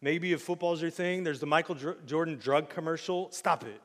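A man preaching a sermon in a casual, joking way, with sudden loud acted outbursts. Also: on the high side, fairly even intonation, brisk, in a large hall. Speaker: pastor. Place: church sanctuary.

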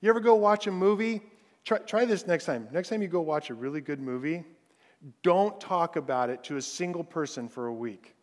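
A man's voice: on the high side, lively intonation, moderate pace. Preaching man in a reverberant hall. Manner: conversational, drops to soft recitation for scripture. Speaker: pastor. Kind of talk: sermon.

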